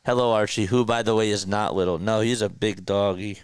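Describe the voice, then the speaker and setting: A man's voice: on the low side, steady tone, fairly quick, smooth, no echo. A man hosting a casual sports livestream, chatting loosely and reading viewer comments aloud from a home streaming setup. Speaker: play-by-play livestream host. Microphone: podcast mixer setup.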